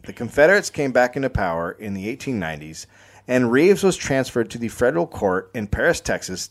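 A man co-hosting a comedy podcast, telling a history story in a matter-of-fact way and swearing casually. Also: fairly low pitch.

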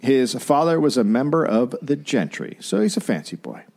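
Animated joking male podcast host. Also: mid-range voice, normal speed. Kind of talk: comedic history podcast chat.

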